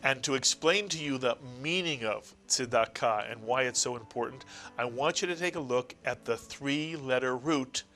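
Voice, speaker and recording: A man's voice: mid-range voice, moderate pace, bright, forceful tone, faint music behind. A middle-aged man teaching a language lesson, explaining patiently and repeating key words. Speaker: Hebrew teacher. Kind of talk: classroom-style language lesson.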